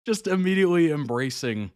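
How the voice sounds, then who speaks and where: A man's voice: fairly high pitch, clear, resonant tone, dry recording, clean studio sound. A man hosting a reaction video, casually retelling a reality show story, chuckling often and acting out other people's lines. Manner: chatty storyteller, chuckles often, quotes people in animated voices.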